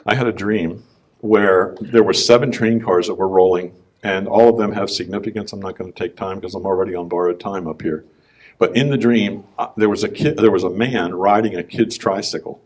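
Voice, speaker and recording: Brief: deep-voiced businessman, storytelling testimony at a conference, folksy and conversational. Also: steady tone, fairly quick. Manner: conversational storytelling, clears throat often. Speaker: business owner speaking at a conference. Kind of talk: personal testimony talk.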